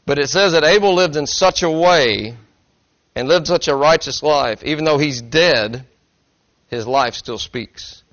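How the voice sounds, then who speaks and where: A man's voice: on the high side, normal speed, a bit bright. Folksy joking man preaching a sermon. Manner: folksy, self-deprecating, joking. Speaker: pastor. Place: church sanctuary. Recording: dry, slightly dull recording.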